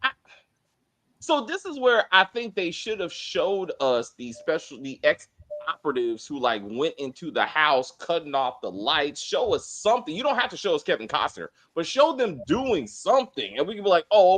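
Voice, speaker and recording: A man co-hosts a casual review chat, acting out the characters' lines in mock voices. His voice sits a little high and jumps around a lot, with plenty of swing in his pitch. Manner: animated, acts out quotes in mock voices. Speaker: co-host of a TV review show.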